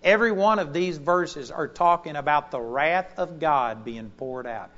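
A man preaching a sermon in an auditorium, swinging between loud declarations and quiet, conversational asides. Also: fairly high pitch, unhurried, hardly any pauses, muffled recording.

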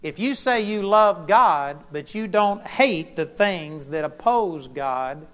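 A man preaches to a congregation in an auditorium. His voice sits a little high, and he moves from forceful, loud proclamations to soft, mellow asides. The sound is muffled and lo-fi. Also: lively intonation, takes it slowly. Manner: emphatic, swings between loud declarations and quiet asides. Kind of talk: sermon.

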